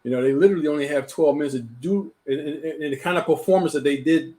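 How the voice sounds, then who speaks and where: A man's voice: on the high side, fast, dark tone. Host man thinking aloud, restarting phrases. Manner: thoughtful, repeats words when starting a thought. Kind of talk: casual conversation on a live show.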